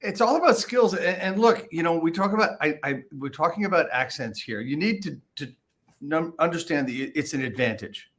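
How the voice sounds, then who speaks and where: A man's voice: on the high side, lively intonation, moderate pace, a bit bright. A man from the US Northeast with a Northeastern accent, hosting a podcast interview and talking in a blunt, direct way. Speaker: podcast host.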